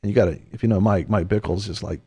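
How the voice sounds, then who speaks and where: A man's voice: lowish voice, quick pace, dark tone, breathy edge, no echo. Casual man telling a story, dry recording.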